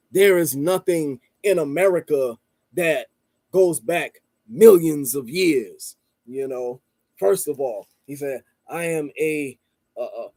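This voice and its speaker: A man tells a story in a calm, rambling monologue, leaning on "you know" and trailing off into "blah, blah". His voice sits a little high but sounds mellow and warm. The recording is dry and close. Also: no room sound. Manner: calm and measured, stresses listening before responding. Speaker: channel host and street vendor.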